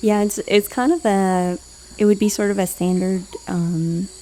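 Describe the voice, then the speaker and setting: A woman narrating a tabletop game as game master, unhurried and laughing often. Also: medium pitch, fairly even intonation, dark tone, slight background noise, low-quality recording.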